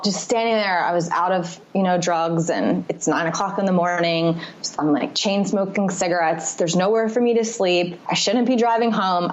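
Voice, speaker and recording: Woman podcast guest, confessional storyteller, filler-heavy, dull lo-fi sound. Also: medium pitch. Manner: confessional, rambling, frequent "like" fillers. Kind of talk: candid personal storytelling. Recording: slightly muffled podcast audio.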